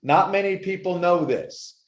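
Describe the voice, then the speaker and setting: Recorded with a roomy echo, a man being interviewed on a podcast recounts his story as an addictions success coach with emphatic, animated energy. His voice is high and a little slow.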